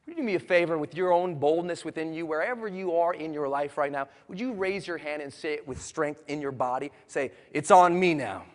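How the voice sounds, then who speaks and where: A man giving a live motivational speech to an audience, moving from quiet storytelling to loud, bold rallying calls. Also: a little high, brisk, hardly any pauses. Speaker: motivational speaker. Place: large hall with an audience. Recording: long hall reverb.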